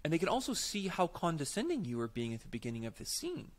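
A man's voice: a little high, huge pitch swings, fast. A man co-hosting a podcast, explaining improv technique in casual, emphatic chat. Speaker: podcast co-host, improv teacher.

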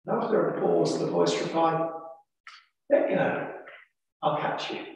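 A man's voice: on the high side, wildly swooping pitch, takes it slowly, long pauses. A man with an English accent preaching a sermon, telling a story with dramatic emphasis. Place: large church. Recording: echoey church from far off.

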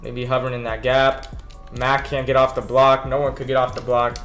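A man's voice: medium pitch, completely flat delivery, a little fast, fairly bright tone, soft background music. Laid-back young man narrating his gameplay. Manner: laid-back, slangy, talks to himself while playing. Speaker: gaming YouTuber. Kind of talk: casual gameplay commentary. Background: background beats.

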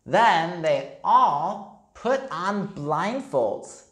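A woman teacher reading a picture book aloud to young children and explaining the words as she goes. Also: very slow. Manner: expressive, leaps up in pitch for character voices. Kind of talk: storybook read-aloud with explanations for kids. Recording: echoey room.

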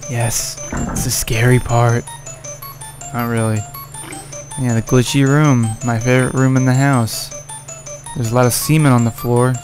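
A man's voice: mid-range voice, level tone, normal speed, music in the background. A man giving casual gameplay commentary, cursing and scolding the game character. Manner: profane, exasperated, yelling at the game character. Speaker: let's play gamer.

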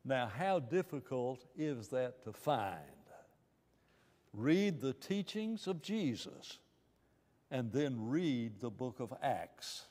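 A man's voice: mid-range voice, big pitch swings, slow pace, darkish tone, big-room sound. A man preaching in a church Bible class, emphatic, asking rhetorical questions and often restarting his phrases. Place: church room.

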